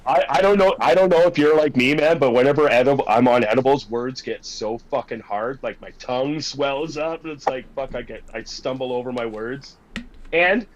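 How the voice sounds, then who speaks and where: A man's voice: mid-range voice, moderate pace, crowd noise, rough recording. A Canadian man chatting casually over a video call from his home, swearing often and rambling through restarts. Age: adult with a young daughter. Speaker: podcast guest. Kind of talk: casual chat.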